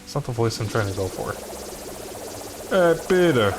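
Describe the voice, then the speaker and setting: A man's voice: fairly low pitch, very fast, over music. Offhand rambling male streamer. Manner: rambling, offhand, self-deprecating. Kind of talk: casual chat while streaming a game.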